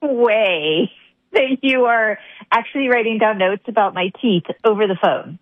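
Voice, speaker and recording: A woman's voice: mid-range voice, a little slow, no echo. A woman answering a phone call, skeptical and incredulous, laughing often at what she hears. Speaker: prank call target. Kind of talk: phone conversation. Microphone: telephone. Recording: muffled phone line.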